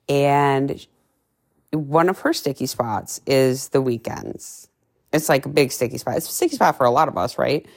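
A woman's voice: a bass voice, gravelly. A woman nutrition coach talking casually and bluntly, cursing freely and acting out little scenes. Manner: brash, profane, animated storytelling with playful voices. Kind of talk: casual podcast monologue.

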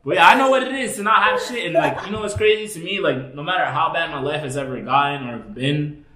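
A man in casual podcast chat, telling stories in a profane, animated way. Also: fairly high pitch, quick pace. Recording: echoey room.

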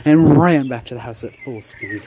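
A man's voice: medium pitch, normal speed, dark tone, a little hiss or hum. A man narrating a second-person horror story, rambling with restarts.

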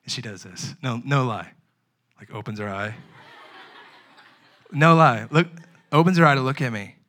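A young man preaching a sermon, switching between lively storytelling and hushed, earnest moments. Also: mid-range voice, moderate pace. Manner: animated preaching that swings between loud and hushed; casual, chatty storytelling with fillers. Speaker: pastor.

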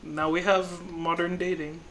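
A man's voice: a little high, level tone, measured pace, fairly bright tone, a little hiss or hum. A man with a Cebuano Filipino accent hosting a casual podcast, joking and laughing often as he mixes English with Cebuano. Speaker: podcast host.

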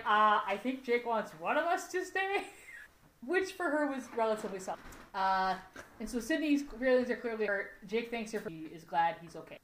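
With a slightly high voice, a podcast co-host giggles her way through an episode recap, chatting casually and performing the characters' lines as quotes. A roomy echo fills the recording, along with slight background noise.

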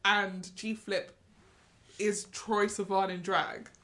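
A woman co-hosting a podcast, chatting and gossiping casually about a reality show, with quick mimicking asides. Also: medium pitch, flat delivery, sharp tone. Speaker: podcast co-host. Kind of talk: casual chat.

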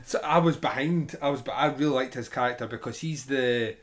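A man's voice: medium pitch, a little fast. A man co-hosting a casual film review chat, talking in long rambling runs with many restarts. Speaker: film podcast co-host.

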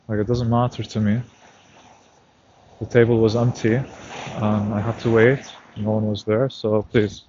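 A man's voice: lowish voice, little pitch movement, moderate pace, mellow, lo-fi sound, slight background noise. A man talking to himself on a night walk outdoors, recounting a story in a reflective, casual monologue. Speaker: vlogger.

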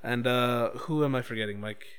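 A man's voice: mid-range voice, normal speed, a bit bright, clean tone. A man co-hosting a casual chat about a movie, laid-back, swearing freely and laughing often. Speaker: podcast co-host.

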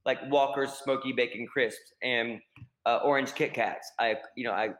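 A guest actor from the American South with a Southern accent, telling rambling, self-deprecating stories in a casual podcast chat. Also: male voice, medium pitch, fairly even intonation, moderate pace, fairly bright tone, low-quality recording.

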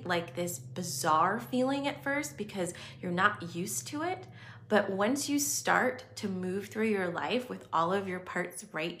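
A woman's voice: medium pitch, a bit bright. Woman, spiritual self-help talk, reassuring, conversational, roomy echo.

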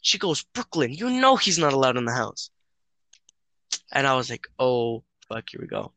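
A man's voice: mid-range voice, big pitch swings, moderate pace, sharp tone, dry recording. A young man chatting casually with a friend over a voice call, telling a story in a hesitant, rambling way with lots of fillers and swearing.

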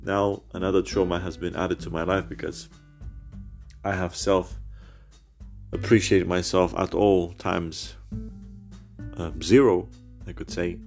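Man, deep creaky voice, phone-recorded rant podcast; bitter, rambling, foul-mouthed. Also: flat delivery, a little slow, pauses often, darkish tone, faint music behind. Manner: bitter, rambling, swears heavily. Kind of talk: personal rant.

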